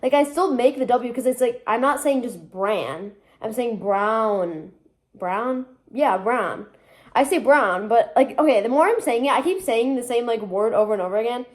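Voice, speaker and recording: Young woman, Michigan accent, a touch high-pitched; rambling, filler-heavy chatter while cooking at home, phone mic on the counter. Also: moderate pace. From Michigan, USA. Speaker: vlogger. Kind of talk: casual cooking vlog chat. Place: home kitchen, indoors. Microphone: phone propped on the counter.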